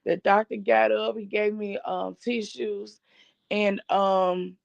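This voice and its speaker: A woman's voice: medium pitch, steady tone, takes it slowly, gravelly, no room sound. A middle-aged woman hosting a family channel, chatting to viewers and retelling what people said to her in a long story. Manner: chatty, retells others' words with "I said, he said". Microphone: streaming setup. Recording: dull lo-fi dry stream audio.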